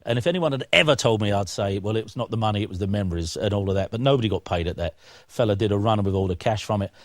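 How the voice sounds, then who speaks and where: A man telling stories in a studio interview, acting out the voices of people in them, lively and chatty. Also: fairly low pitch, racing, no echo. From England. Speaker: interview guest. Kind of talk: animated anecdotal storytelling.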